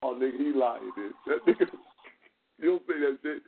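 A man with a fairly high voice hosts a casual call-in show. He comes through a tinny, phone-like line, animated and quick to laugh as he greets callers by name. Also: creaky, breathy edge.

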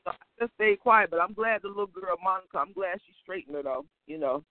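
A woman's voice: medium pitch, fast talker, no room sound. A woman co-hosting a casual chat who agrees emphatically and acts out what she told others. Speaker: podcast co-host. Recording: tinny phone line with crowd behind.

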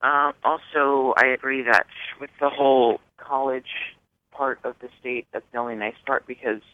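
A man from California leaving a casual voicemail for a podcast, talking plainly and a bit haltingly. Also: mid-range voice, fairly even intonation, no room sound. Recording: tinny phone voicemail.

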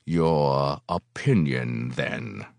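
A man's voice: a bass voice, very slow, gravelly, darkish tone, no echo, voice pushed down, full character voice. A man reading aloud and voicing a domineering male organization leader who turns sarcastic and explosive. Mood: cold mocking.

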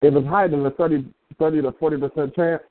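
A man co-hosting an internet radio show, talking in a deliberate, measured and emphatic way. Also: a little high, steady tone, no room sound. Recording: tinny phone-like line.

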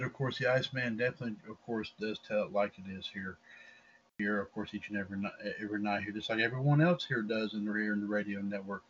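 A man co-hosting a podcast in a formal, announcer-like manner, repeating stock phrases often. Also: on the low side. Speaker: podcast co-host. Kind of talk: formal on-air commentary. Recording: dull lo-fi sound with faint background noise.

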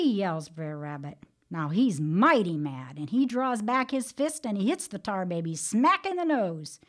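A woman hosting a Christian teaching program, reading an earnest devotional talk and telling a story in a measured way. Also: fairly low pitch, lively intonation.

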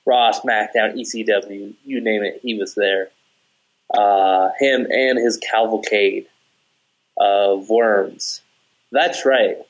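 Male podcast co-host, slow drawl, mid pitch, dry wit. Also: fairly even intonation, poor audio. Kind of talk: casual chat.

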